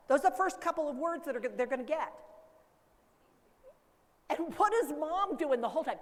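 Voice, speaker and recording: Female speaker, high-ish voice, animated conference lecturer, long hall reverb. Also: fairly quick, long pauses. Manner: animated, acts out baby talk and caregiver voices. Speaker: dementia care educator. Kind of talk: conference talk.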